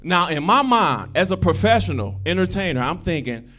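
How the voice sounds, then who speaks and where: High-voiced profane stand-up comedian. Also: male voice, big pitch swings, normal speed, hardly any pauses. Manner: profane, repetitive, swings from loud bursts to low mumbling. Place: comedy club stage. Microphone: handheld stage mic.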